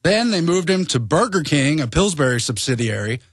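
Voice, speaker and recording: A male reporter on a talk radio show giving brisk commentary that lists facts. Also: fairly high pitch, big pitch swings, breathy edge, no echo, clean studio sound.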